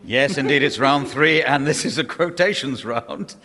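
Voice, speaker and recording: A man's voice: mid-range voice, moderate pace, sharp tone, soft background music. A man hosting a comedy panel show, with a dry, wry manner. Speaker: quiz show host. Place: radio studio with live audience. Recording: studio with audience laughter, roomy.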